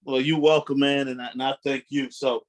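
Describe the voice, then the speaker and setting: A man hosting a casual interview show, speaking in a relaxed, easygoing way and signing off in a friendly tone. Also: medium pitch, fairly quick. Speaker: show host, basketball coach.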